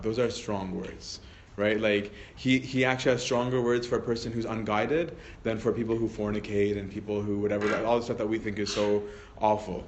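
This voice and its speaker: A male priest leading a Bible study in a relaxed teaching manner, often adding tag questions and restarting sentences. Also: lowish voice, brisk, a little hiss or hum. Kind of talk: conversational teaching talk.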